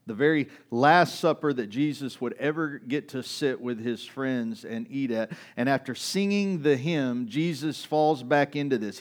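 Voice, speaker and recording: A male pastor preaching a sermon in a church, talking casually with fillers and restarts, and raising his voice to act out quoted lines. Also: medium pitch. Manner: conversational, with many fillers and restarts; acts out quoted lines with raised voice.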